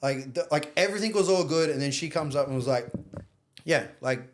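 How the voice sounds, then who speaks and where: A young Australian man telling a story in casual chat, animated, acting out other people's lines and swearing casually. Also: fairly high pitch, a little fast. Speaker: podcast guest.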